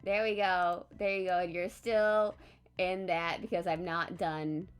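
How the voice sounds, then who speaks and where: Tired woman streamer, low and slow. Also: clear, resonant tone, faint music behind. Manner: tired, rambling, low-key monotone. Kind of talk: casual live-stream chat.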